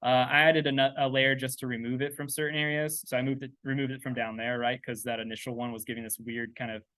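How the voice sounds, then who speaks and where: A man walks through a texturing demo in a loose, chatty way, full of ums and quick asides. His voice sits at an ordinary middle pitch. The sound is dry and close, with no room around it. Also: flat delivery, bright, forceful tone, no room sound. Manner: loose and chatty, thinking aloud with many fillers and "right?". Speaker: 3D texturing instructor. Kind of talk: casual software tutorial. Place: indoors at a laptop.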